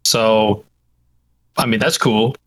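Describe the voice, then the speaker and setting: A man's voice: fairly low pitch, steady tone, takes it slowly, fairly bright tone. A man co-hosting a podcast, chatting casually and hesitantly, with a lot of fillers. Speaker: podcast co-host. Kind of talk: casual chat.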